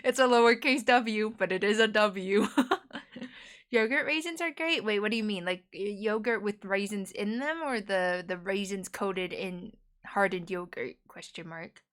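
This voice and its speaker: A young American woman streaming and chatting casually. She rambles cheerfully, laughs often and keeps up a steady, chatty flow. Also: medium pitch, measured pace. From United States. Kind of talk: casual chat.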